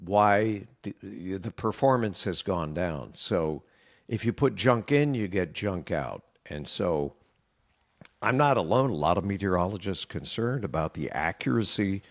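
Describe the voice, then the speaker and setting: A middle-aged meteorologist in a conversational interview, explaining earnestly and sounding worried. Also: male voice, low-pitched, lively intonation, measured pace. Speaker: meteorologist guest.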